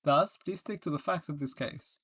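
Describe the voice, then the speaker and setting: A man's voice: a little high, normal speed, fairly bright tone, husky, no echo. A man playing a stern game judge. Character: stern older male trial judge.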